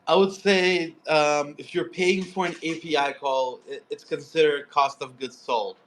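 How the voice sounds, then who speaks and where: Guy teaching code on a live stream, kinda high voice, explains each step. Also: fairly even intonation, unhurried, fairly bright tone, a little hiss or hum. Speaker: coding instructor. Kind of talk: live coding walkthrough. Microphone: phone.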